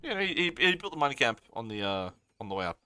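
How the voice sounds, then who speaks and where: A man's voice: medium pitch, clear, resonant tone, no room sound. A man from Australia casting a strategy game live, reacting eagerly to plays and answering chat. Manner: excitable, quick reactions, reads viewer chat aloud. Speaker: caster.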